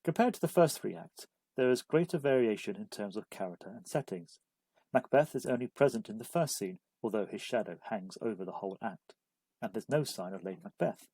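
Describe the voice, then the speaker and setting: A man giving a measured, scripted narration of a literature study guide. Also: lowish voice, lively intonation, mellow, husky, no room sound, rough recording. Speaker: literature explainer.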